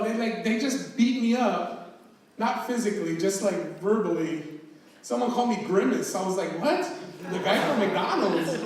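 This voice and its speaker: A man in his thirties works through a self-mocking stand-up set, acting out the lines of the people in his stories. His voice sits high and his delivery is unhurried. He sounds distant, in a very echoey hall, with an audience laughing clearly throughout. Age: 30s. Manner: self-mocking storytelling with acted-out quotes. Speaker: stand-up comedian. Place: live comedy show in an echoey hall. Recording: roomy live hall recording from far off, audience laughter.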